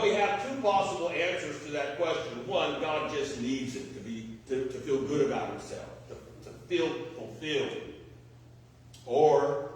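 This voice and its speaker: Texan pastor preaching in an echoey church. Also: male voice, medium pitch, slight background noise. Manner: conversational preaching with rhetorical questions and homely examples. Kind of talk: sermon. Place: church sanctuary. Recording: echoey church hall, mic at a distance.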